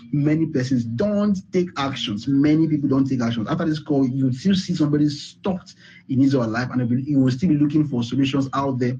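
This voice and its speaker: A man's voice: medium pitch, mellow, muffled recording, slight background noise. A man giving a repetitive, emphatic motivational talk on a call, often saying "all right". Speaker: speaker on a group call.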